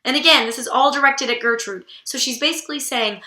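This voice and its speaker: A woman's voice: sits high, quick pace, hardly any pauses, bright, forceful tone, roomy sound. A woman hosting a book vlog, giving casual literary commentary in a blunt, irreverent way and swearing casually. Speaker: book vlogger host.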